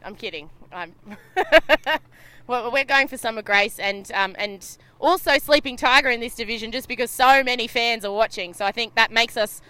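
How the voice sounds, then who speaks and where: Aussie girl calling a sailing race, laughs a lot, bright crisp voice, dry close sound. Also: a little high, moderate pace, no echo. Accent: Australian. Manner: bubbly, laughs often, chatty. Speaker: race commentator. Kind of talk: live sailing commentary. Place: on a media boat at sea.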